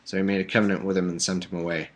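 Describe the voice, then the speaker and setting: A man's voice: low voice, little pitch movement, rapid-fire. A man hosting a livestream, reading Bible passages aloud in a mock-solemn voice and breaking off into sarcastic jokes. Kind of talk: casual reading with joking asides. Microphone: webcam or desk mic on a home livestream.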